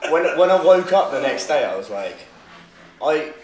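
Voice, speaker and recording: Young British guy, rambling storyteller, lively delivery, noisy echoey room. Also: a little high, normal speed. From Britain. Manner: rambling, laughing, full of fillers. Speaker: podcast guest. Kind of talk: casual storytelling chat. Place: living room at home.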